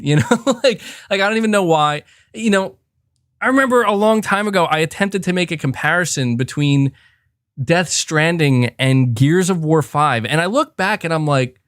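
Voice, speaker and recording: A man's voice: sits high, sing-song, moderate pace, a bit bright, dry recording, clean studio sound. A man hosting a live podcast, chatting casually and rambling through reflections with lots of fillers and restarts. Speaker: podcast host. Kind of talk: casual livestream chat.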